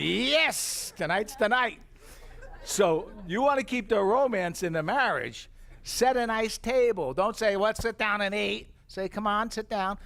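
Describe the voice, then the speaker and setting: A middle-aged man pitching tableware in a live demonstration, his voice sitting a little high for a man. He spins anecdotes and acts out his own reactions with lively energy. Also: creaky.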